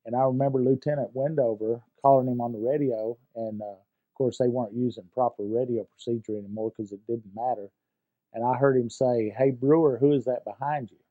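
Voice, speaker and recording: An older man recalling his war experiences in a halting way, with many fillers and repeated words. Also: medium pitch, fairly even intonation, narrow, tinny audio. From United States. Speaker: veteran interviewee. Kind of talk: personal war recollection.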